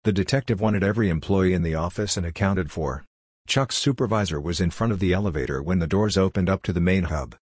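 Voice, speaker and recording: A man reads fiction aloud as narrator, his voice low and slightly husky. His delivery is steady and even. The recording is dry, with no room sound. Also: quick pace, no echo. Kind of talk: audiobook-style fiction reading.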